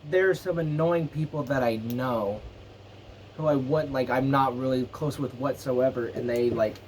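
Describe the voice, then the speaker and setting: A young man co-hosts a casual radio show. He talks at an ordinary middle pitch in a laid-back, blunt way and swears often and easily. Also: unhurried, a little mellow, slight background noise.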